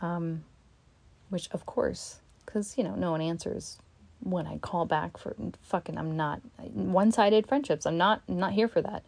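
A woman's voice: on the low side, a little slow, gravelly, darkish tone, dry recording. A woman vlogging a candid, frustrated rant. She swears bluntly, sighs, and stops and restarts her sentences. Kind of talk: candid venting monologue.

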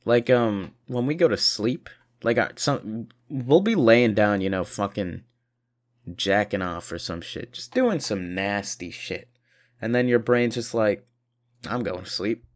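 A man's voice: fairly low pitch, lively intonation, measured pace. A tired man rambling profanely through a casual video monologue, short on sleep. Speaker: vlogger.

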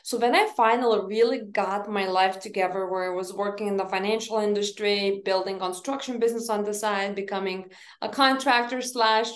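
A woman's voice: medium pitch, fairly even intonation, a little fast, hardly any pauses, roomy sound. Earnest woman. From Lithuania. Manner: earnest, emphatic, with slightly non-native grammar. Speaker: podcast guest, company founder. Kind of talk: personal storytelling in an interview.

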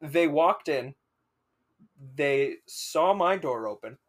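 A young man with a slightly raised voice tells a story casually. He is animated and swears freely. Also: a little high, slow. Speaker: podcast co-host.

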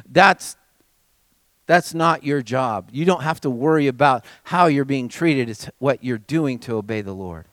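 A man preaching a sermon as pastor, with dramatic swings between raised passages and hushed, almost whispered lines. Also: mid-range voice, lively intonation, measured pace, no echo.

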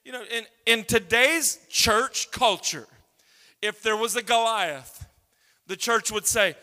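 A man preaching a sermon, talking conversationally and then building up to loud shouts. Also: extremely high pitch, takes it slowly. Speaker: pastor. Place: church sanctuary. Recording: long reverb of a large hall.

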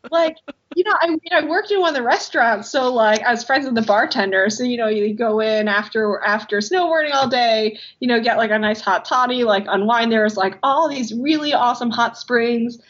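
Woman, animated storyteller, laughs a lot, husky, dull lo-fi sound. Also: a little high, a little fast. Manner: animated, laughing often, lots of fillers. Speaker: podcast guest or co-host, rock climber. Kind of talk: casual storytelling chat. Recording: dull, lo-fi podcast audio.

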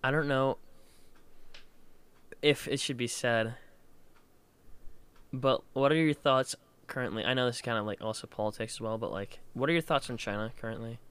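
A man's voice: medium pitch, fairly even intonation, moderate pace, long pauses, a bit bright, clear, resonant tone. A man co-hosting a casual chat, hesitant and rambling, often restarting and laughing. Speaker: podcast co-host.

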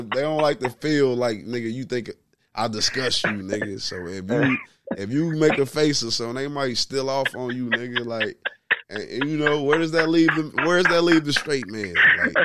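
A man's voice: medium pitch, very noisy. A man in his thirties co-hosting a podcast, telling a story in casual chat, full of slang and repeating "you know what I'm saying". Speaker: podcast co-host.

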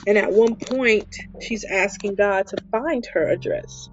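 A woman's voice: mid-range voice, measured pace. A woman hosting a devotional podcast, speaking earnestly and repeating her phrases for emphasis. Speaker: podcast host. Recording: dull lo-fi recording, faint music.

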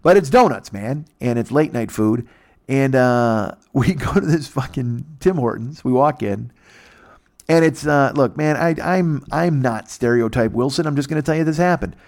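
Speaking at a moderate pace in a mid-range voice, a man from the United States spins a long, funny story during casual chat. He's animated and swears a lot, doing voices for each of the characters.

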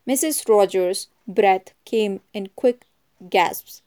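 A woman's voice: mid-range voice, a little slow, smooth. Woman reading a mystery novel aloud. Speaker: narrator. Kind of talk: audiobook reading.

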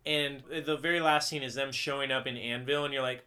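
A man's voice: medium pitch, fairly even intonation, fairly quick, hardly any pauses, bright, forceful tone. A man co-hosting a podcast, chatting casually and rambling with lots of "like", tired after a late party. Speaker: podcast co-host. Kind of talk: casual chat.

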